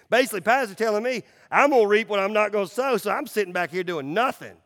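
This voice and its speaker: High-voiced pastor preaching in a reverberant hall. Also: male voice, fast talker, hardly any pauses. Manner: swings between loud emphatic runs and hushed low drops; conversational preaching with casual fillers. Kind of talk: sermon.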